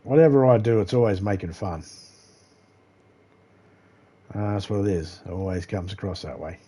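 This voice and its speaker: Swearing Aussie streamer ranting. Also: male voice, on the low side, fast, warm tone, slightly rough. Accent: Australian. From Australia. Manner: ranting, swears freely, laughs at his own jokes. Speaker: gaming streamer. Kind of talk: casual rambling chat while live gaming.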